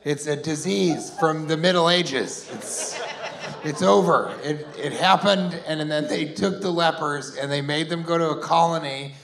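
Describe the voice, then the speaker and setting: A man in his forties doing a rambling, sarcastic stand-up set, sometimes bursting into shouted put-on voices. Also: on the high side, unhurried, creaky. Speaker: stand-up comedian. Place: comedy club stage before a laughing audience. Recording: roomy live club sound with crowd.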